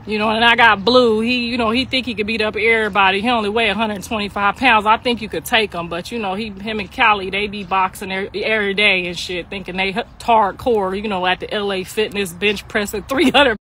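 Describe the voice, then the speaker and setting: A middle-aged mother telling a long family story in a casual, laughing way, slipping in quick acted-out voices. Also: medium pitch, a little hiss or hum. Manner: animated, laughing, slangy, acts out voices.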